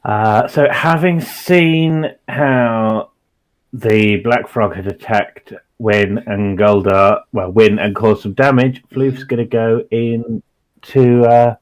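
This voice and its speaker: Tabletop player, a man, slow and unhurried, hesitant and full of fillers. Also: fairly low pitch, fairly even intonation. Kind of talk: describing his character's actions in a tabletop game.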